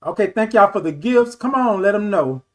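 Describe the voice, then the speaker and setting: A host in his fifties reads audience comments aloud on a casual livestream talk show and answers them in an animated, loving way. He talks at a moderate pace with a high-sitting voice, calling viewers "baby" and "y'all."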